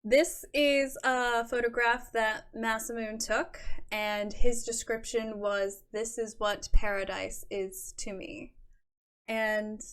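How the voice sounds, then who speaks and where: A woman's voice: a little high, steady tone, slow, fairly bright tone, clear, resonant tone. A woman hosting a creative writing show, reading submissions and gushing over them. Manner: gushing, effusive praise.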